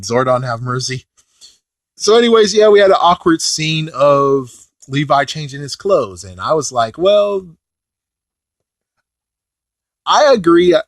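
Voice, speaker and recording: A man giving a casual, rambling review of a show, excitable, with mild swearing and filler phrases. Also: medium pitch, dry recording, studio quality. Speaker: video reviewer.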